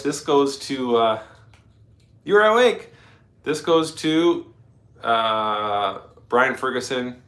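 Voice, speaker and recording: A man's voice: medium pitch, pushed and bright. Chatty Canadian man hosting a livestream. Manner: chatty, rambling, talks to his dog and chat. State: a little stuffy. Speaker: livestream host. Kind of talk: casual live-stream chat.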